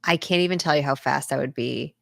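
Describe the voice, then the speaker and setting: Emphatic low-voiced young woman, dry sound. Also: brisk, gravelly, a bit bright, dry recording. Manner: emphatic, easily spooked, dramatic. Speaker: co-host of a reaction channel. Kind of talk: casual reaction chat.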